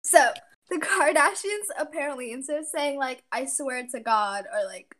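A woman's voice: high-pitched, moderate pace, a bit bright. A teenage girl co-hosting a podcast, telling stories in a chatty, giggly way with many fillers. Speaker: podcast co-host. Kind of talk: casual podcast chat.

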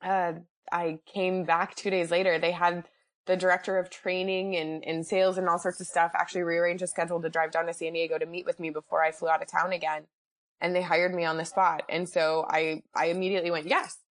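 Her voice on the low side and her delivery flat, a woman talks a little fast as a podcast guest. She tells casual stories from her life in a chatty way, voicing the quoted dialogue of the people involved.

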